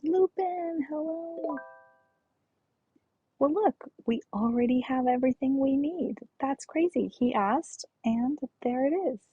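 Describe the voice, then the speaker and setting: Excitable high-voiced woman streamer. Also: slow pace, dull audio, soft background music. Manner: excitable, gushing greetings. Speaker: game streamer. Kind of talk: casual live-stream chat.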